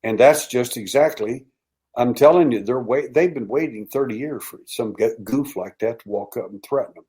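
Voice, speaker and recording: An American man spinning a long anecdote on a podcast, slipping into the voices of the people he quotes. His pitch sits in an ordinary middle range, and he keeps the tale moving with lively back-and-forth dialogue. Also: moderate pace. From United States. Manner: animated storyteller acting out quoted dialogue. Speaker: podcast guest, alien abduction researcher. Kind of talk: storytelling in casual interview.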